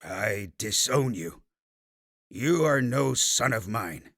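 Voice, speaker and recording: An audiobook narrator playing a stern aged dragon-slayer patriarch who speaks slowly and firmly, with a commanding manner. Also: male voice, mid-range voice, vocal fry, bright, forceful tone, dry recording, clean studio sound, heavily acted. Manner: commanding, slow and firm.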